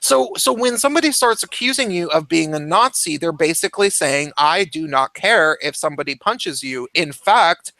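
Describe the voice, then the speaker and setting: A man with a fairly high voice in a casual, opinionated chat, heated and quick to swear. He stumbles and restarts his sentences often. His voice sounds close and dry, with almost no room sound. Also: expressive, gravelly, sharp tone, no room sound. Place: home, cat nearby.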